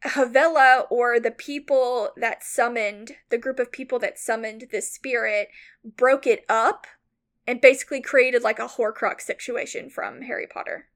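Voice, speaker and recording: Woman, bright tense voice, fairly high, rambling casual storytelling, heavy filler words. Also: measured pace. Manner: animated, mock-outraged retelling. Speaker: podcast co-host.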